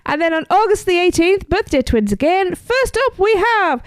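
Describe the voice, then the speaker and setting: A woman's voice: very high voice, sing-song, moderate pace, dry recording, studio quality. A woman co-hosting a fan podcast, chatting and announcing birthdays in a bubbly way. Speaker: podcast co-host. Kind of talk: casual chat.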